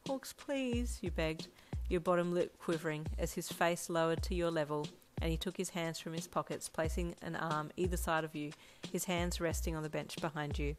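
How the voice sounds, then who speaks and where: A woman narrating a second-person fanfiction audio story in a steady, even storytelling voice. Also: low voice, moderate pace, hardly any pauses, slight background noise. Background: faint lo-fi drum loop music.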